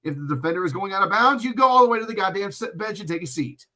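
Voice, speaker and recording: Calling a football game live on a stream, a commentator rants and curses bluntly, lecturing the players between plays. His high voice is sharp and lively in intonation, and he talks very fast.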